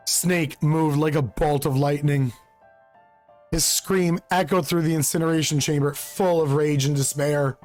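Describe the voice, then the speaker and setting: Slow-reading, slightly hoarse male host. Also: on the high side, steady tone, darkish tone, soft background music. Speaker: channel host reading a visual novel. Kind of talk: reading a game aloud.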